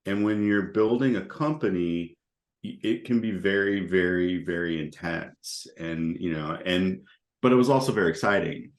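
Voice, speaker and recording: A man's voice: deep voice, moderate pace. A middle-aged man on a panel, telling casual anecdotes in an easygoing way and chuckling between points. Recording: roomy echo.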